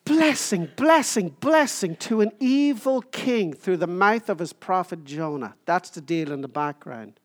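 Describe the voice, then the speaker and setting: A woman preaching a sermon, emphatic, with short repeated phrases and pauses. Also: lively intonation. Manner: jokes about squeaking into a higher voice.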